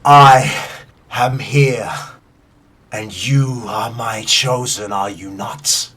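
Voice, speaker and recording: A man voicing an ancient storm deity, speaking low and slow in a breathy near-whisper. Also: steady tone, fairly bright tone, recorded from a distance. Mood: commanding.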